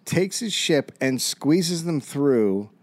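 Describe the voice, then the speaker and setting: A man's voice: fairly high pitch, animated, takes it slowly, darkish tone, dry recording. A middle-aged man co-hosting a comedy podcast, retelling history in a casual, profane, wry way. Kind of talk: casual storytelling.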